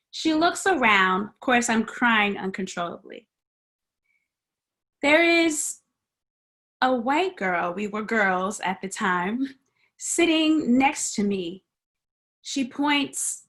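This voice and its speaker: A woman with a bright, fairly high voice tells a personal story as a sermon in a church. She speaks slowly and dramatically, acting out the other people's voices and now and then dropping to a whisper. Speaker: guest preacher. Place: church sanctuary.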